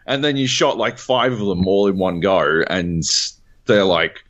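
A man's voice: low voice, lively intonation, measured pace, fairly bright tone. A man co-hosting a gaming podcast, interjecting and retelling events with sweary commentary. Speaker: podcast co-host. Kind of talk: casual chat. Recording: dull lo-fi mic.

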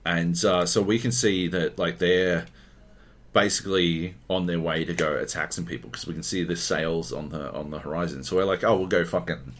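A man's voice: deep voice, moderate pace. An Australian man co-hosting a podcast, telling a gaming story in casual chat, swearing freely and acting out what other people said. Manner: animated, swears a lot, acts out other people's lines. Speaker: podcast co-host.

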